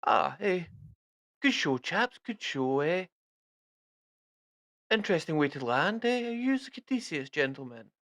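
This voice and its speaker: A man's voice: a little high, sing-song, a little slow, pauses often, a bit bright, dry recording, studio quality, pitched above the performer's own voice, exaggerated voice. A man voicing a jovial, upper-class British army captain with hearty, clipped bluster.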